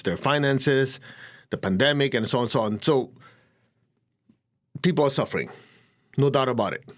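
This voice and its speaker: A man teaching a spiritual lecture to an audience, telling stories animatedly, acting out quoted voices and laughing often. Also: medium pitch.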